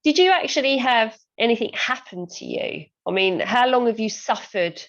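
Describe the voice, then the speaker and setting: A woman's voice: on the high side, expressive, normal speed, fairly bright tone, lo-fi sound. A woman hosting a podcast interview, prompting her guest with brief, polite questions. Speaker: host.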